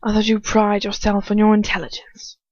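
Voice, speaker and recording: A woman's voice: mid-range voice, monotone, moderate pace, no room sound, lo-fi sound, close to an everyday voice. A woman voicing a cold, disdainful aristocratic man with a hissing, drawling English accent.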